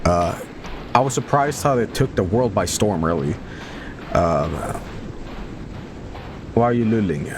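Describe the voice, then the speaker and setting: A man's voice: fairly low pitch, lively intonation, a little slow, pauses often, noisy background. A man streaming a horror game, making rambling jokes and chatting between moments. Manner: joking, rambling asides. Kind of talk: casual gameplay commentary.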